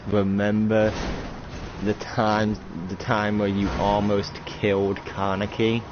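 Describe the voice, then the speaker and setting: A man doing a lecturing ghost commander in a put-on Russian accent, low and accusing. The sound is muffled and lo-fi, with loud noise underneath. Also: monotone, takes it slowly. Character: ghostly male commander posing as a Russian leader, accusing and preachy.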